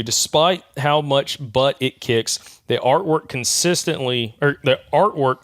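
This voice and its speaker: Male podcast host, folksy and easygoing, medium pitch, dry booth sound. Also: a bit bright, no room sound. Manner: folksy, reads aloud haltingly. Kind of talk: casual chat.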